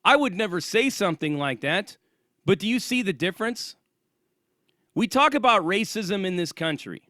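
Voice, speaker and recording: A man's voice: high-pitched, lively intonation, moderate pace, sharp tone, dry recording, clean studio sound. A man hosting his own channel, delivering an angry, profane and sarcastic ranting monologue. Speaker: channel host.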